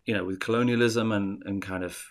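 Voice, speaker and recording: A man's voice: lowish voice, fairly even intonation, fairly quick. A man from England with an English accent answering an interview question thoughtfully and hesitantly. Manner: thoughtful, hesitant, with many fillers. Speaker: teacher interviewee.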